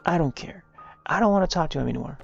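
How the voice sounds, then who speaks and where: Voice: mid-range voice, expressive, quick pace, gravelly, muffled recording, faint music behind, voice pushed up. A streamer voicing an upset young girl in a game, reading her lines in a raised, pleading voice. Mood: hurt.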